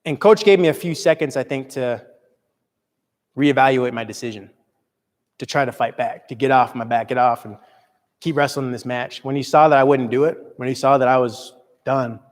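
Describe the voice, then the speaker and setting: A young man, a motivational speaker, telling a personal story with earnest, dramatic swings between loud and soft. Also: mid-range voice, normal speed, long reverb tail. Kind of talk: storytelling talk to an audience.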